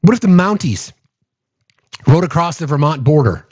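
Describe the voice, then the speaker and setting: A man's voice: on the high side, animated, moderate pace, darkish tone, husky, no echo, highs cut off. A man hosting a political commentary stream, talking in an exasperated, sarcastic way and firing off rhetorical questions.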